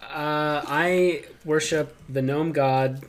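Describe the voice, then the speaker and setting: A man playing in a tabletop game, soft-spoken and tentative. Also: a little high, steady tone, extremely slow. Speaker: player. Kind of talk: casual tabletop play.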